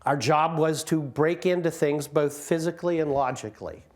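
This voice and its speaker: A man's voice: fairly high pitch, normal speed, darkish tone. A man in his sixties, a guest speaker telling jokes and stories about his career to a community audience on a microphone. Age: 60s. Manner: joking, self-deprecating storyteller. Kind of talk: informal talk to an audience. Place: community hall.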